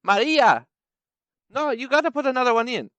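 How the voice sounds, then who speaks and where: A man voicing a bossy woman restaurant manager who rapidly scolds a worker. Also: very high-pitched, expressive, fairly bright tone, no room sound, pitched above the performer's own voice. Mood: scolding.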